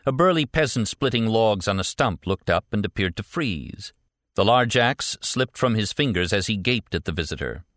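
A man narrating a thriller audiobook in a measured, even way. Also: on the low side, no echo, clean studio sound. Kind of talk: scripted narration.

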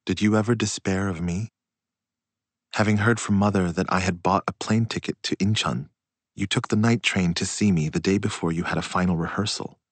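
A man reading a literary story aloud in a slow, hushed and reflective way. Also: deep voice, steady tone, no echo. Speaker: audiobook narrator. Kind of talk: literary audiobook narration.

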